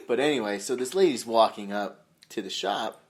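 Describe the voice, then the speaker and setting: A young man co-hosting a podcast, chatting loosely and telling anecdotes in an easygoing way. He drops into quoted voices now and then and swears freely, at an ordinary middle pitch. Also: very animated, unhurried, gravelly. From US desert region. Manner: storytelling with acted quotes and swearing. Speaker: podcast host. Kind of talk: casual chat.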